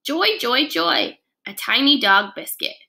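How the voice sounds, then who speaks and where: A woman voicing a cheerful, loud man janitor with a booming, upbeat manner. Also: big pitch swings, slow pace, full character voice. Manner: booming, upbeat, high-pitched.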